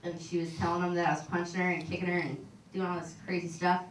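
A young woman doing a stand-up comedy set on a club stage, talking in an awkward, deadpan, self-deprecating way. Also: fairly low pitch, fast talker. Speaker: stand-up comic. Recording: echoey room from far off, noisy.

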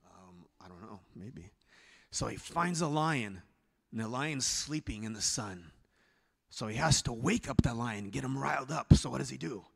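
A man pastor telling a story in a sermon, animated, swinging from hushed to loud, in a church sanctuary. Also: mid-range voice, normal speed, creaky, breathy edge. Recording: reverberant church hall.

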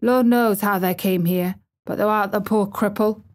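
Woman doing a shaky, hoarse old gardener. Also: medium pitch, fairly even intonation, normal speed, natural voice. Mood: stunned. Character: ignorant, tactless old male gardener.

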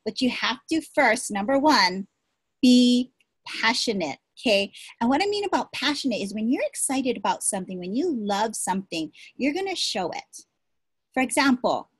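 A woman giving an energetic, encouraging motivational talk as a sales team leader, repeating her points, recorded at her desk. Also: fairly high pitch, breathy edge, dry recording. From Hawaii.

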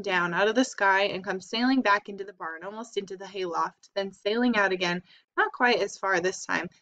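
A woman's voice: medium pitch, sharp tone. Brief: woman reading a storybook aloud, plain delivery with small slips, dull lo-fi sound. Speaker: reader. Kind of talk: reading a children's book aloud. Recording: slightly dull lo-fi recording.

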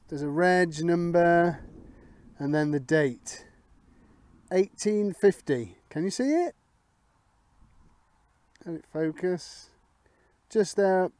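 A man's voice: fairly high pitch, a little mellow, no echo. A middle-aged Englishman with a slightly raised voice talks to his viewers while out in a field. He thinks aloud over each find and keeps up a running, casual commentary. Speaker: metal detecting vlogger.

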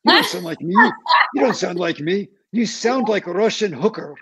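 A man's voice: high-pitched, animated, a bit bright, slight background noise. A man doing a stern Israeli woman therapist. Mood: mocking. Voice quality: husky. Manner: slow, clipped, scolding.

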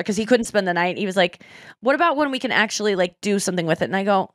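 A woman's voice: medium pitch, lively intonation, fast, dry recording, studio quality. A woman in her thirties hosting a podcast, telling candid stories with lots of fillers and laughs. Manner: candid, giggly storytelling with many fillers. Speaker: podcast host. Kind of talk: casual chat.

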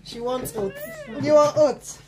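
A woman's voice: sits high, sing-song, slow pace, crowd noise. A middle-aged woman, a Yoruba-speaking mother, scolding and chatting at home in a casual family vlog. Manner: scolding, exasperated, switching between English and Yoruba. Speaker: mother and channel host. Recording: noisy home recording.

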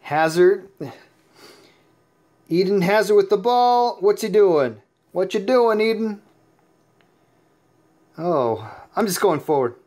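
High-voiced, tired man commentating a game. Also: slow pace, pauses often. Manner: chatty, excitable, laughs often. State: tired and sleepy. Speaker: mobile game player and YouTube host. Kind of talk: casual gameplay commentary.

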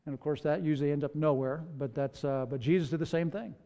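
A man's voice: on the high side, quick pace, warm tone, in a large hall, highs cut off. A man preaching a sermon as pastor. He tells stories in a conversational way, with candid asides.

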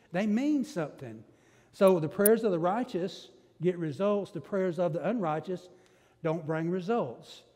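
Male pastor, high-pitched, emphatic sermon delivery, long church reverb. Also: darkish tone. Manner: emphatic preaching with rising bursts and rhetorical questions. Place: church sanctuary.

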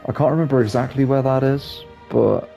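A man's voice: mid-range voice, brisk, creaky, dark tone, faint music behind. A young man giving casual, rambling gameplay commentary as a channel host, hesitant and full of ums.

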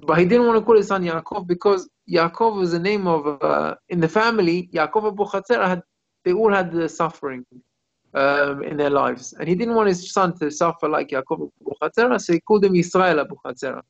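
A rabbi gives a class over a video call. His voice sits a little high and has a gravelly creak. The call audio is muffled, and he keeps stopping to hunt for English words as he tells his stories. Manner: pauses to search for English words.

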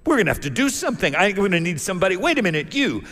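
A fretful old king, frantic and urgent, his voice pitched high and lively and rushing from one worry to the next, as a preacher puts him on. His words ring out with a long church echo. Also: heavily acted. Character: anxious ancient king, troubled by dreams.

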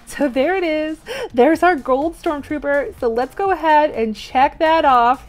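A bubbly, high-voiced woman hosts a toy unboxing channel, gushing animatedly at a moderate pace. Her excited vlog is punctuated by squeals and cheers.

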